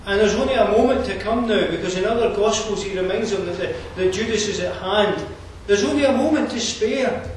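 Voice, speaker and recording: A man with a Scottish accent preaching a sermon, conversational and digressive, often pausing with fillers and restarting his sentences. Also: high-pitched, a little hiss or hum. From Scotland. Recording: echoey room from far off, faint ambience.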